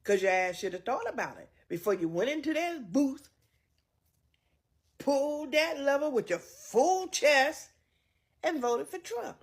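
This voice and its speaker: Woman, angry profane rant, high and swooping, sneering delivery. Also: animated, unhurried. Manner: mocking, profane, shouting at times. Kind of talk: angry social media rant.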